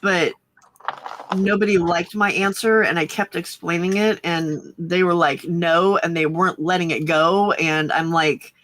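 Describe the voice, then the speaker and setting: A woman chatting casually on a livestream, giggling often and filling pauses with ums. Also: lowish voice, fairly even intonation, a bit bright. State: slightly husky morning voice. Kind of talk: casual chat.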